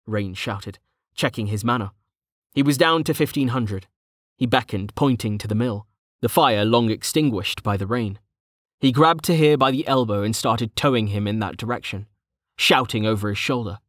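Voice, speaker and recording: A man narrating a fantasy novel in a steady, measured storytelling voice. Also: mid-range voice, no echo, clean studio sound. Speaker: audiobook narrator.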